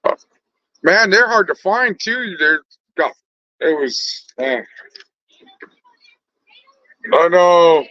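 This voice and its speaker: A man's voice: sits high, expressive, extremely slow, pauses often, bright, forceful tone, dry recording. A middle-aged man talks loosely into his phone while cooking, full of easy laughs and fillers. The sound is close and dry, with no room around it. The audio comes through somewhat dull and muffled. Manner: laid-back, loose and chatty, with frequent laughs and fillers. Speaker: food truck cook and vlogger. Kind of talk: casual livestream chat.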